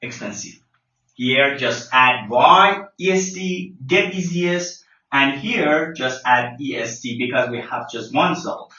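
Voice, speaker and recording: Slow, bright-voiced male teacher, roomy sound. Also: medium pitch. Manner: slow and deliberate, spells letters out, frequent fillers. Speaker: English teacher. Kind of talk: classroom grammar lesson. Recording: lo-fi, roomy, mic at a distance.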